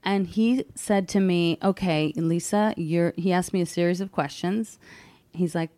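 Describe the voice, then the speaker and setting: A woman's voice: on the low side, fairly even intonation, moderate pace, dark tone, dry recording. A woman guest on a podcast, frankly retelling a personal story and acting out the dialogue.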